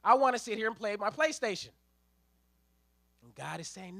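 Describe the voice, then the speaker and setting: Male preacher, very high and bright voice, dry close sound, lively storytelling sermon with slang. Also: normal speed, gravelly, no room sound. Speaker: ministerial intern preaching.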